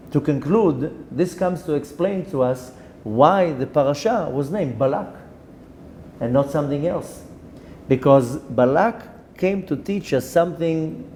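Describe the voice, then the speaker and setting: A man, a rabbi giving a Torah lesson, telling a story with animated delivery, dropping in Hebrew terms and restarting his sentences. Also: on the high side, slight background noise. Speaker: rabbi teaching a Torah class.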